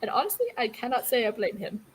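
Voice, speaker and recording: A woman's voice: on the high side, big pitch swings, quick pace, breathy edge, no room sound, rough recording. Blunt, wry woman in her twenties. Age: 20s. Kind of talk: casual chat.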